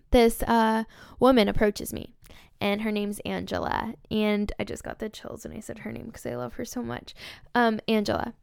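A woman's voice: mid-range voice, creaky, darkish tone, clean tone, dry recording, studio quality. A young woman hosting a podcast, telling a story in an emotional, gushing way with lots of fillers. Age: young adult. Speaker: podcast host. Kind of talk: casual storytelling monologue.

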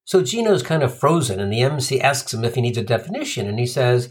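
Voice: medium pitch, sing-song, fast, hardly any pauses. A comedian telling a profane, sardonic stand-up story. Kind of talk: stand-up routine.

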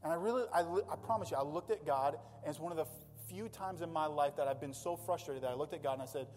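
A man's voice: fairly high pitch, fast, darkish tone, big-room sound. A man preaching a sermon as a pastor, in a conversational and impassioned way. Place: church sanctuary.

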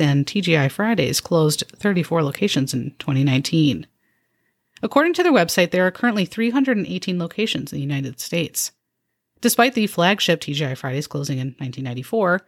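A woman's voice: lowish voice, husky, no room sound. A woman hosting a podcast, giving scripted narration with dry, wry asides. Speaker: podcast host.

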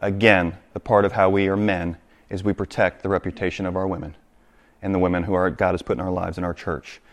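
A man's voice: low voice, flat delivery, fairly quick. A man preaching a sermon to his congregation, reading scripture aloud and explaining it with direct appeals to his listeners. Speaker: pastor.

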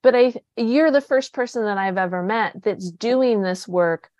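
A woman's voice: mid-range voice, measured pace, darkish tone, dry recording. A woman hosting a casual interview, talking in an eager, rambling way with frequent restarts. The sound is close and dry, with no room around her. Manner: chatty, enthusiastic, many restarts. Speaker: podcast host.

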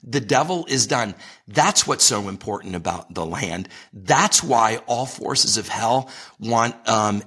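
Husky, earnest man preaching in conversation. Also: on the low side, animated, a little slow, pushed and bright. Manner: earnest, emphatic, leans on scripture. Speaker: ministry leader, interview guest.

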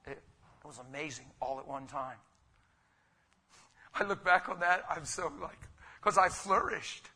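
Fervent preacher man, bright voice. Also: fairly high pitch, a little slow, long pauses. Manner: fervent, swinging from quiet to loud emphatic bursts. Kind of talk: sermon.

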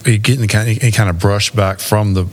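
A man's voice: fairly low pitch, steady tone, rapid-fire. A man, an attorney, interviewing a guest on a podcast in a conversational way, with short, hesitant questions and a Southern US accent.

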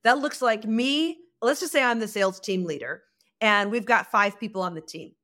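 A woman's voice: on the high side, moderate pace. A woman guest on a podcast, a communication coach speaking emphatically and acting out little dialogues. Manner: animated, emphatic, acts out dialogue. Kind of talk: podcast conversation.

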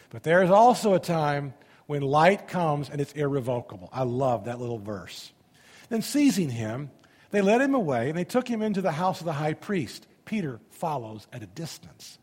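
A man preaching a sermon, reading scripture aloud and commenting on it, swinging between loud emphasis and hushed asides. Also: high-pitched, animated, moderate pace, long reverb tail.

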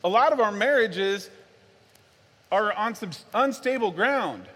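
A man preaching a sermon, animated, swinging from low and earnest to loud and worked-up. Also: a little slow. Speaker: pastor. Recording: long hall reverb.

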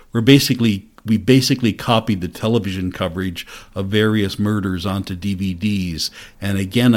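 A man voicing a gentle woman librarian in soft, confidential tones, in an audiobook reading. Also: low-pitched, lightly acted.

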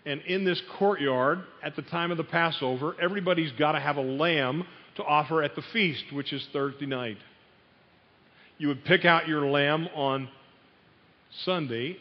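A man with a slightly high voice preaches at a normal speed, weaving a story and questioning the congregation. The audio sounds dull, and the hall has long reverb.

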